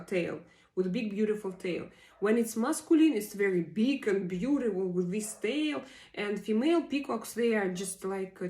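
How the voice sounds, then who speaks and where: Slow, halting woman. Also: mid-range voice, darkish tone. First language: Russian. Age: 40s. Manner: halting, searching for words with many pauses. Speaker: livestream host. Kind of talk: casual live chat reading viewer comments.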